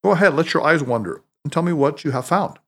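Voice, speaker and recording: A man reading aloud as a wise, playful mentor who teases and insists gently. The voice sits a touch high and swings widely in pitch, lively and animated throughout. An audiobook figure full of emphatic warmth of conviction. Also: fast.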